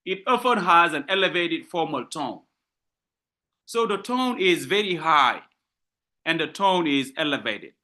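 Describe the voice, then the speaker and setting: Slow emphatic man lecturing students. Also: fairly high pitch, expressive, bright, forceful tone. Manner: repetitive, emphatic explaining, checks in with "okay?"; slow deliberate delivery with frequent rephrasing. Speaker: literature lecturer. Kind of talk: university lecture.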